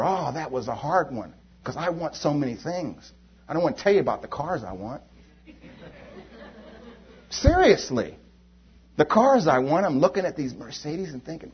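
A man preaching a sermon with emphatic, repetitive phrasing, swinging between loud and quiet. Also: on the high side, big pitch swings, moderate pace, long pauses, slightly rough, lo-fi sound. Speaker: lay preacher.

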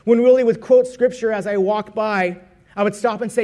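A man's voice: high voice, fairly even intonation, normal speed, dark tone. A man preaching a personal testimony sermon, telling his story in a conversational way and correcting himself as he goes.

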